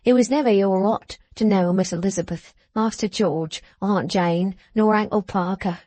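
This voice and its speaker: A woman voicing a pompous, scheming older man who talks in florid, drawn-out, wheedling phrases. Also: medium pitch, mellow, no echo, natural voice.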